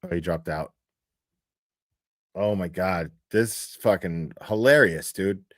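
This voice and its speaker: A man's voice: deep voice, slow pace, dry recording, clean studio sound. A man hosting a casual chat, laid-back, laughing and swearing as he talks.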